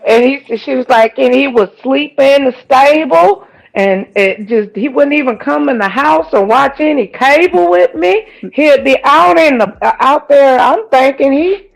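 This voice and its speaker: Slow, gravelly high-voiced woman. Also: poor audio. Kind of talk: casual gossip chat.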